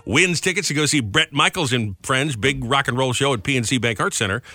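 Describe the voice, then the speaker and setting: Man in his 40s, morning radio host, fast talk, lively bright voice, dry studio mic. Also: medium pitch, no echo. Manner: fast, animated, joking.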